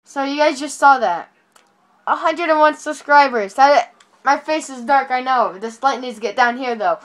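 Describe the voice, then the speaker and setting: High-voiced woman vlogging into her phone from bed, excited, rambly, keeps correcting herself. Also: normal speed. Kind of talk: casual vlog talking to camera. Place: on a bed at home. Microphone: phone camera.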